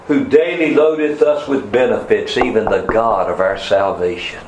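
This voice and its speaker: A man preaching a sermon, fervent, his voice swinging from soft, slow passages to loud, rising emphasis. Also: mid-range voice, lively intonation. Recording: echoey room with faint ambience.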